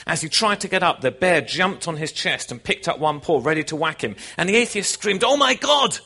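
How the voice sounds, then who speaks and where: Preacher guy telling a joke, kinda high voice, bright and forceful, animated storyteller. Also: fairly quick, husky. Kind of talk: sermon with a joke.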